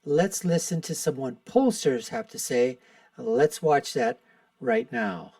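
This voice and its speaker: Male commentary host, slow and mocking, dry and a little off-mic. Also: mid-range voice, expressive, darkish tone, no room sound, distant mic. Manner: mocking, repeats "folks". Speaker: show host. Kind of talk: political commentary monologue.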